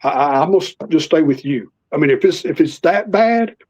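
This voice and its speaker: A man's voice: a little high, brisk. A man telling stories in a casual interview, animatedly acting out the voices of people in them. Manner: animated storyteller, acts out quoted voices. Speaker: podcast guest. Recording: slightly muffled lo-fi audio.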